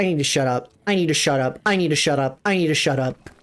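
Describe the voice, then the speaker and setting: A young woman streaming a game live, chatting casually with her viewers, excitable and swearing, often jumping into high squeals. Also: quick pace, faint music behind.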